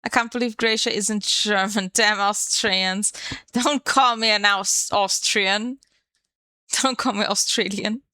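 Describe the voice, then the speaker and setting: A woman's voice: medium pitch, pushed and bright, clear, resonant tone, no room sound. A woman streamer chatting casually on a live stream, playful and swearing freely into a desk microphone.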